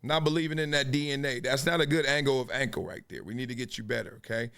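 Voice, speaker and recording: A man's voice: medium pitch, quick pace, creaky, a bit bright, clear, resonant tone. A man hosting a casual sports commentary show, joking and trash-talking, now and then breaking into freestyle rhymes. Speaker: host.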